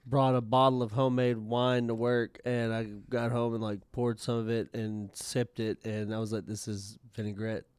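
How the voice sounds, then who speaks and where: A man's voice: medium pitch, flat delivery, normal speed, few pauses, darkish tone, smooth, dry recording. A man co-hosting a podcast, chatting in an easygoing, agreeable way. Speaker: podcast co-host. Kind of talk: casual chat.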